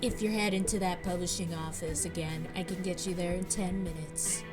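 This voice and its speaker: A woman's voice: lowish voice, steady tone, moderate pace, lightly acted. A woman voicing a courteous male taxi driver in a formal, butler-like manner, with music behind her. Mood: polite.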